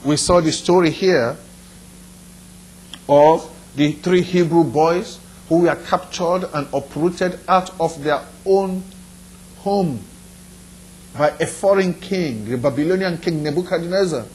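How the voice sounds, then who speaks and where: A man's voice: on the high side, slow pace, darkish tone, a little hiss or hum, rough recording. A man pastor preaching a sermon in an earnest, repetitive style, putting direct questions to his listeners.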